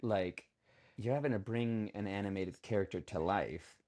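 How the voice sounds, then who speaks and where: Rambling low-voiced podcast host. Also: male voice, normal speed, darkish tone. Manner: rambling, restarts often, trails off mid-thought. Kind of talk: casual chat.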